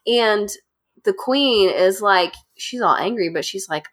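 A woman host casually retelling a dark fairy tale to friends, chatty and animated. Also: medium pitch, a little slow. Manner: chatty, animated, laughs often. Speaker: podcast host.

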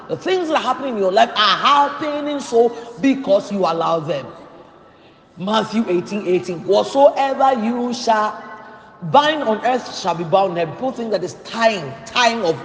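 A man's voice: high-pitched, expressive, normal speed. A man preaching a sermon in a church hall, emphatic and repeating key phrases for stress. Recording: echoey hall with long reverb.

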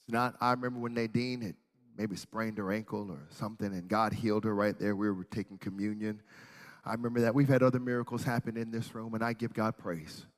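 A male pastor preaching a sermon, telling a story and then building to shouted preaching in a church. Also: lowish voice, little pitch movement, a little fast. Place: church hall. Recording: hall reverb.

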